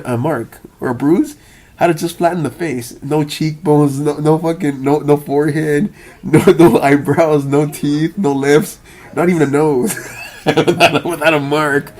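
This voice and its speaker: A man's voice: a little high, darkish tone. A man telling a rambling, profane story, stammering and repeating words as he goes and often laughing. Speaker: vlogger. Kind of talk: rambling monologue.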